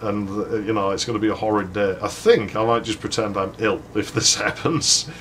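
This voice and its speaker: A let's play host, this man has a lowish, slightly bright voice at normal speed, with a faint hiss or hum on the recording. He rambles through a long, casual story while gaming, cursing freely and chuckling between lines.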